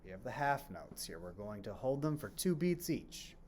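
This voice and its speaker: Heavy background noise accompanies this man's fairly low voice, which swings widely in pitch at a moderate pace. He's giving a children's rhythm lesson, explaining patiently, answering his own questions, and clapping as he chants rhythm syllables.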